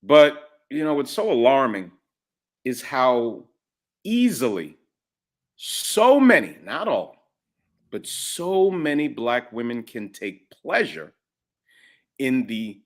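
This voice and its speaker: A man's voice: medium pitch, big pitch swings, takes it slowly, pauses often. A man speaking as a guest on a casual livestream, stressing his points and building up to them. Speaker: guest commentator. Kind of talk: casual opinion chat.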